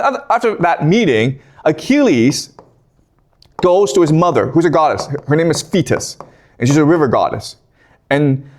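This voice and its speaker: A man lecturing in a casual storytelling style, often checking in with "okay?". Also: a little high. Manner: conversational, tags lines with "okay?".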